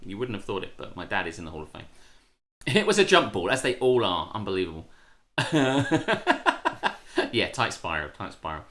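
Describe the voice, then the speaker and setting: A young man with an English accent hosting a casual livestream, rambling and laughing, quick to swear. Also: lowish voice, big pitch swings, a bit bright. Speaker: host.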